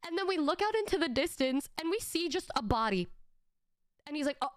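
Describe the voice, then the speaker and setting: A young adult woman streamer telling a casual story, animated and laughing, with lots of swearing and stammered restarts. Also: high voice, brisk, dry recording, studio quality. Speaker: VTuber streamer.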